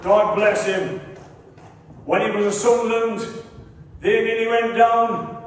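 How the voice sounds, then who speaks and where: Teesside male stand-up, very high voice, foul-mouthed crowd roasting, heard from far off in a long-echo hall. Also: flat delivery, slow pace, slight background noise. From England. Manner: profane, rowdy, teasing the crowd. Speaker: stand-up comedian. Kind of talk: stand-up comedy routine. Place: large hall on stage.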